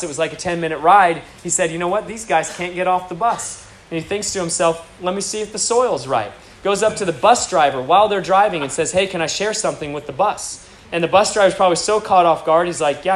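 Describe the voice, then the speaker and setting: A man preaching a sermon, telling stories with rising energy and occasional excited shouts. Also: a little high, a little hiss or hum. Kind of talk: sermon with storytelling. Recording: roomy hall with faint crowd.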